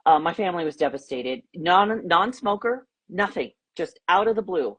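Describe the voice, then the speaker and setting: Middle-aged woman, a nurse and guest, lower pitch with a husky edge, candid storytelling. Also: animated, moderate pace, fairly bright tone. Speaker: nurse and organization founder, guest. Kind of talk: casual interview.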